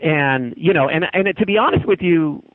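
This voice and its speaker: A man's voice: fairly high pitch, moderate pace, no room sound. A man telling a long haunting story on a podcast in a rambling, casual way, often restarting his sentences. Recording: phone-line call-in.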